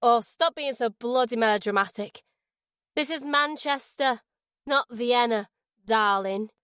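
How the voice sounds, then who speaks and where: A woman's voice: a little high, unhurried, fairly bright tone, clear, resonant tone, no room sound, clean studio sound. A woman voicing a sarcastic, cruel drunk man in a storybook reading. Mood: sneering. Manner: sneering, sarcastic.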